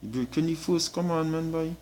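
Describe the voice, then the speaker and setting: A man's voice: a little high, brisk, a little mellow. A man with a Trinidadian accent preaching an informal sermon, emphatic and blunt, tagging his lines with "boy" and swearing for emphasis.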